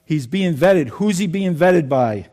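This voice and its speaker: Brief: male preacher, slightly high voice, talks with the congregation and quizzes them. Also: expressive, a little slow, darkish tone. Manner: conversational, asks the congregation questions. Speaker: pastor. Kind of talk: sermon.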